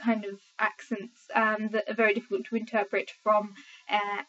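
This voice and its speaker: A woman's voice: mid-range voice, flat delivery, moderate pace, a bit bright. A young English woman chatting to camera late at night, sleepy and rambling with many filler ums. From England. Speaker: vlogger. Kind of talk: casual chat to camera. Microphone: laptop webcam mic. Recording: lo-fi webcam audio.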